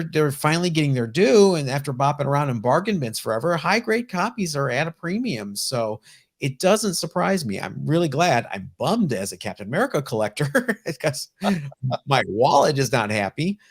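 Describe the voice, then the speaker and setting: Man co-hosting a comics chat, animated pitch, enthusiastic, casual banter. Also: moderate pace. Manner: enthusiastic, lively collector banter. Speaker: podcast co-host.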